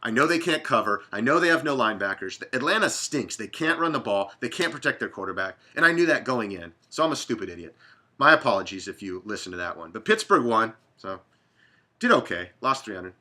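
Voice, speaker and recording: Casting: man in his thirties, sports betting host, casual rambling monologue, blunt and profane, bright edge to the voice. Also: fairly low pitch, sing-song, brisk. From Dallas, Texas.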